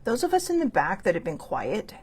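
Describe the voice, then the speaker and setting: A woman's voice: medium pitch, huge pitch swings, a little fast, breathy edge. A woman hosting a show, talking in a rambling, earnest casual monologue full of fillers and restarts, with the odd swear word. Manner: earnest, with bursts of laughter and mild swearing. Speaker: host.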